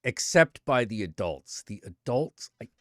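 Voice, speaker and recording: A man hosting a casual chat, animated and opinionated. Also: lowish voice, a little slow, no echo, clean studio sound. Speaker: host.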